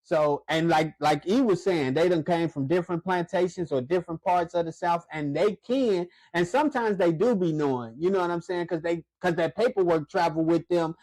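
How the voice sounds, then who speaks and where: A man spins stories in a relaxed podcast chat, acting out what people said. His voice sits high for a man. The sound is close and dry. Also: normal speed, few pauses, no echo. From Chicago. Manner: animated storyteller, acts out quotes. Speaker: podcast co-host. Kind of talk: casual chat.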